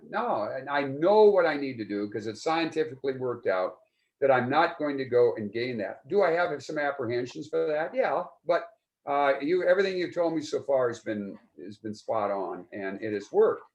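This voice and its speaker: A man's voice: medium pitch, lively intonation, moderate pace. A man in his seventies giving a client testimonial in a casual interview, earnest and rambling, often restarting his sentences. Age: 70s. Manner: earnest, rambling, with many repeated starts.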